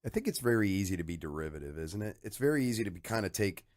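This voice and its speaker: A man hosting a podcast interview, making thoughtful, measured remarks. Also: sits low, big pitch swings, dry recording, studio quality. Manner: thoughtful, measured remarks with frequent listening sounds. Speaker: podcast host. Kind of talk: casual interview chat.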